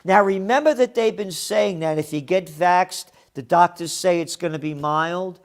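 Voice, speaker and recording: A man hosts his own commentary show and tears into the day's headlines. His voice sits a little high, and his tone is blunt and mocking. He swears freely when he gets heated. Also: normal speed. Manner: blunt, profane and sarcastic, with heated outbursts. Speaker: host of a trends commentary show. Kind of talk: opinionated news commentary.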